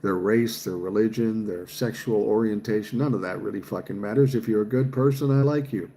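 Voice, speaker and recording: A man's voice: fairly low pitch, a little fast, warm tone. A man, chatting casually on a livestream and reading viewer comments aloud, swearing freely. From Minnesota, USA. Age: 60s. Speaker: livestream host reading chat.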